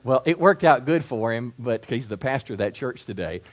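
A middle-aged pastor delivers a sermon from the pulpit. His voice sits at an ordinary male pitch, and he often restarts, repeating words on the way into a question. He drops to soft, low asides, then builds to loud, emphatic stretches. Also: lively intonation, a little fast. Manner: varies loudness widely, soft asides to loud build-ups.

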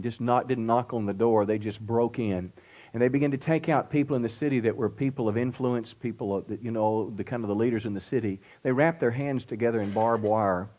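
Middle aged guy preaching, pastor at church, punchy "come on" call-outs, goes quiet for stories. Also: medium pitch. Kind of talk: sermon. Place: church service.

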